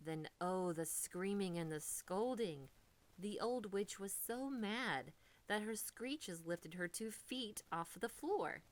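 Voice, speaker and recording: A woman reading a children's storybook aloud, expressive and dipping into whispers for drama. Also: medium pitch, slow pace.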